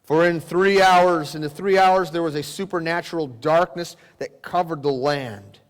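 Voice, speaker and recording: Male pastor, dramatic sermon delivery, loud cries dropping to hushes, slightly high voice. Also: steady tone, moderate pace. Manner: dramatic swings from loud exclamations to hushed near-whispers. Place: church sanctuary. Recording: long church hall reverb.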